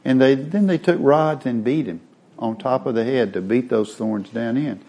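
A man's voice: mid-range voice, moderate pace, dark tone. A man teaching a Bible lesson in a sermon style, explaining word meanings step by step.

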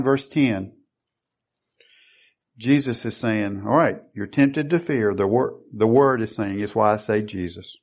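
Male preacher, mid pitch, questions the congregation, acts out voices. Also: gravelly, a little mellow. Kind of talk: sermon.

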